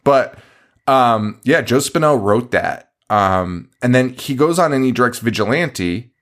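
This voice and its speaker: A man's voice: medium pitch, lively intonation, unhurried, a bit bright. A man co-hosting a podcast, chatting casually with a voice that swoops up and down. He laughs often and swears freely while telling stories. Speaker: podcast co-host. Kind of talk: casual chat.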